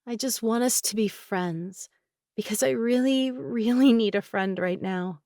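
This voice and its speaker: A prickly, remorseful younger sister in a raised, emotional voice, as a woman narrator puts her on. She sits noticeably higher than the narration. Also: unhurried, dark tone, no room sound, studio quality. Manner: higher, emotional, shifting from guarded to teary.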